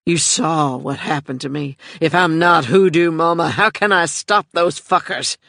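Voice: mid-range voice, a little slow, vocal fry, a bit bright, no echo, clean studio sound. The narrator voicing a tough grown woman who is crying, strained and cursing. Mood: anguished.

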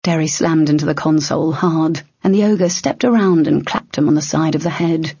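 A woman narrating an adventure story in steady storytelling. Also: sits low, moderate pace, breathy edge, dry recording. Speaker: audiobook narrator. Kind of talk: scripted narration. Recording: dull lo-fi audio.

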